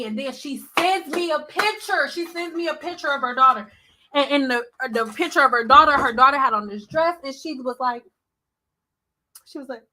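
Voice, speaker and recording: A woman hairstylist telling a blunt, animated storytime, acting out the people she quotes. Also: sits high, rough recording. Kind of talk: storytime vlog.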